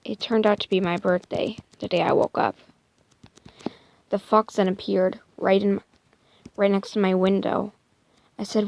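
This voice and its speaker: Softly and hesitantly, a woman narrates an invented first-person story in a medium-pitched voice with little pitch movement and gravelly fry. She speaks slowly, often sinking to a near-whisper and correcting herself mid-line.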